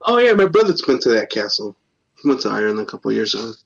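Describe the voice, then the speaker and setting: A man's voice: lowish voice, big pitch swings, fast, gravelly, muffled recording. A man calling in to a podcast for a casual chat, teasing in a dry, playful way. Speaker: guest calling in.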